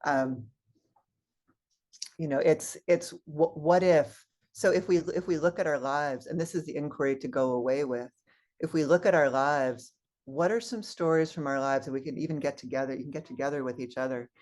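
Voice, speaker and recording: A woman's voice: low-pitched, moderate pace, darkish tone. Female guest minister, sermon, reflective, asks questions of the congregation.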